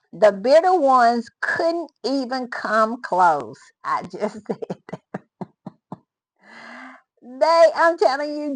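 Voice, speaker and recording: Slow, high-ish woman, emphatic commentary host, dry recording. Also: no echo, poor audio. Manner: emphatic, repeats phrases, laughs often. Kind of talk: casual commentary.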